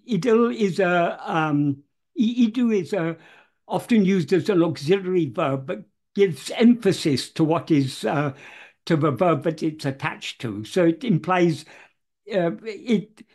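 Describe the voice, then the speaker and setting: A man explaining a devotional verse word by word in an unscripted talk, measured and careful, often pausing on fillers and correcting himself. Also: sits high, darkish tone.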